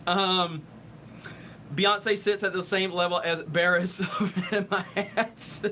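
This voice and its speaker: Young male streamer, high-pitched and sharp, heated and profane, answering super chats off the cuff. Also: level tone, takes it slowly, a little hiss or hum. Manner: stumbling restarts when thinking. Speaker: live stream host. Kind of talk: casual live stream chat reading super chats.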